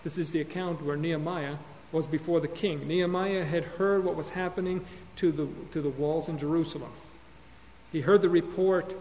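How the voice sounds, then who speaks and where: High-voiced man teaching in a reverberant hall. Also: fairly even intonation, normal speed, darkish tone. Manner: earnest teaching, with repeated words and self-corrections. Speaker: Bible teacher on counseling. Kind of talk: classroom-style sermon lecture. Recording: long hall reverb with faint hum.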